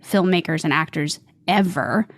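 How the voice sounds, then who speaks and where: A woman's voice: low voice, moderate pace, dry recording. A woman being interviewed as an actress guest, telling stories in a chatty way, often laughing and slipping into quoted voices. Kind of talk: animated storytelling in an interview.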